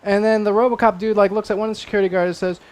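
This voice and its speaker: Excitable high-voiced man recapping a comic. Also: racing, smooth. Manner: rambling, excitable, restarts while retelling a plot. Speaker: panelist presenting a comic. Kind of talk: excited casual comic book chat.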